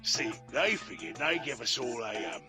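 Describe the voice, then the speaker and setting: A man's voice: medium pitch, very animated, moderate pace, lightly acted. A man voicing a slangy, self-pitying male labour robot with a Cockney accent, over music. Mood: grumbling chummy.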